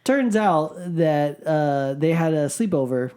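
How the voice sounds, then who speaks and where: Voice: medium pitch, lively intonation, slow, mellow, clear, resonant tone. A podcast co-host animatedly telling personal spooky anecdotes in casual chat, often laughing as the story goes.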